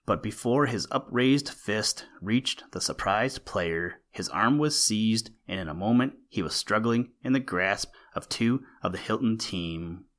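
A man narrating an old-fashioned school story in a steady, expressive reading. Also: fairly low pitch, a little slow, hardly any pauses.

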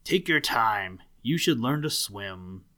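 A man doing Doctor Muskrat, gruff old marsh doctor. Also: on the low side, lively intonation, slow pace, bright, forceful tone, full character voice. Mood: bossy. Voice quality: gruff, growling. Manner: severe and bossy.

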